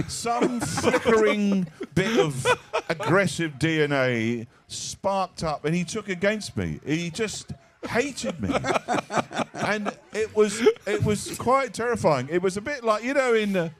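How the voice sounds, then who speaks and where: A middle-aged man spins comic anecdotes on a live stage, his voice set fairly high and swooping widely as he slips into other people's voices. The sound carries some echo from the live event. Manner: animated anecdotes with acted-out voices. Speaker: comedian guest.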